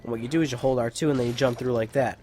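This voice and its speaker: A young man talks over his gameplay in a loose, rambling let's play commentary. He is chatty, drifts off on tangents and swears freely. His voice sits at an ordinary middle pitch. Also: fairly even intonation, rapid-fire, a little mellow, slight background noise. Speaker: gaming YouTuber.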